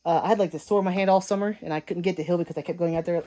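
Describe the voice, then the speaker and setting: A woman vlogger rambles along quickly in a mellow, low-ish voice. She sounds casual and chatty, recorded on a handheld camera at home. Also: steady tone. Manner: rambling, chatty, talks to her cats. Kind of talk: casual vlog chat.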